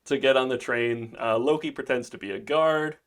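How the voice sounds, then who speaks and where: A man on a podcast walking through a plot recap, steady and plain, sprinkling in ums and uhs. His voice sits at an ordinary middle pitch. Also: normal speed. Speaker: podcast co-host.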